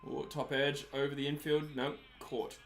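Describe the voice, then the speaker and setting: A man's voice: fairly high pitch, level tone, normal speed, soft background music. An Australian man hosting a live stream, chatting casually while watching a match, laughing often and answering viewers' comments. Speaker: livestream host.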